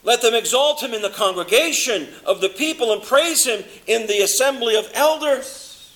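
A man preaching a sermon, swinging between loud emphasis and a low, hushed delivery, slowing down to stress words. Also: animated, a little hiss or hum.

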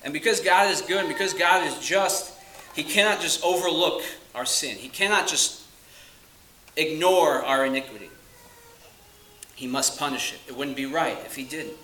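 A man preaching a sermon with a bright, forceful voice. He is earnest and emphatic, leaning slowly on key words and then dropping low. The room around him rings with echo. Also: a little hiss or hum. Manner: earnest, emphatic, with slow stressed phrases and dropping to quiet asides.

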